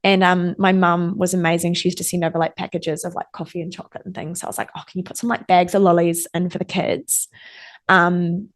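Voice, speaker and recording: A woman's voice: on the low side, level tone, a little fast. A young woman, an interview guest chatting casually and acting out old conversations as she tells stories. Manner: chatty storyteller, lots of "like", acts out quoted exchanges.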